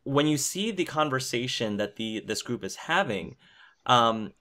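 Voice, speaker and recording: A man's voice: medium pitch, animated, a little slow, pushed and bright. A man hosting a casual podcast discussion of a video game, steering the talk and asking his co-hosts questions. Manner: leads the conversation, thoughtful. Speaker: podcast host.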